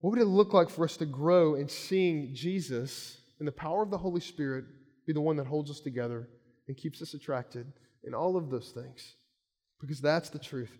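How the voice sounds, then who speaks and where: A man in his thirties, a pastor giving a sermon in a conversational storytelling way. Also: a little high. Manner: conversational storytelling, shouts when acting out quotes. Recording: long hall reverb.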